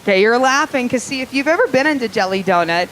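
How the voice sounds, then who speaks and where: A woman's voice: on the high side, lively intonation, fast, fairly bright tone, slight background noise, rough recording. A woman performing a live stand-up set in a comedy club, with a profane, crude, conversational delivery.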